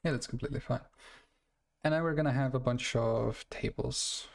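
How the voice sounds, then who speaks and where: A man talks through his city-building game in a loose, rambling way, often correcting himself mid-sentence. His voice sits at an ordinary pitch with a gravelly edge. It sounds like a home stream on a desk mic. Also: moderate pace. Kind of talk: casual gameplay commentary.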